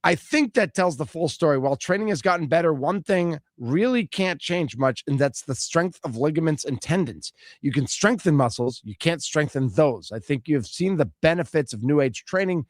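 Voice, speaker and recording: A man's voice: on the high side, expressive, moderate pace, few pauses, dry recording, studio quality. A man hosting a sports radio show, reading out listener texts and bantering with his co-host. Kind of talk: casual sports radio chat.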